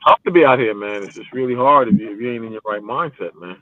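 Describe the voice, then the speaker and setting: Excitable man calling out street scenes, bright voice, dull lo-fi sound. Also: medium pitch, fast talker. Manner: excited, exclaiming, repetitive. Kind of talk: casual chat, live street commentary. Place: outdoors on a city street.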